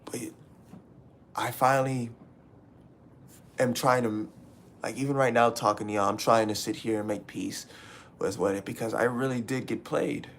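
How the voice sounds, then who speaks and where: A man's voice: mid-range voice, fairly even intonation, moderate pace, pauses often, slight background noise. Frustrated young man ranting to his chat. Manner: raw, profane, repetitive venting. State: upset and frustrated. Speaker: livestreamer. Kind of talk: emotional livestream rant to chat.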